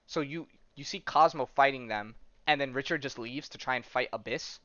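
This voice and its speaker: A man's voice: medium pitch, moderate pace, pushed and bright, dry recording, dull audio. A man hosting a podcast, rambling through a comic story in casual chat and acting out the characters' lines with lots of fillers. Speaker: podcast host.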